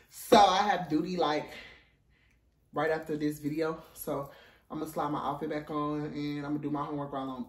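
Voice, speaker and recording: Young man, sassy try-on haul, out of breath, roomy sound from off the mic. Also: far from the mic. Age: young adult. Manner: animated, playful and sassy, with high excited squeals. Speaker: vlogger. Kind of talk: casual try-on haul vlog. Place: college dorm room.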